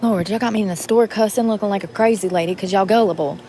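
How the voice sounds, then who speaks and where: A woman's voice: mid-range voice, fast talker, mellow, a little hiss or hum. A woman, vlogging casually from inside a store, talking bluntly to her viewers and muttering to herself as she shops. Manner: blunt, rambling, muttering to herself while shopping.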